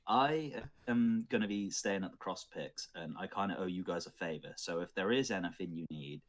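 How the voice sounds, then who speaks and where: A man's voice: low voice, animated, normal speed. A man voicing a woman merchant who is frank and grateful and swears casually.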